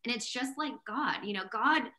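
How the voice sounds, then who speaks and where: A woman hosts a podcast with a bright, somewhat high voice. She is talkative and outspoken, and she speaks with clear passion. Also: moderate pace. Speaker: podcast host. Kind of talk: casual interview chat.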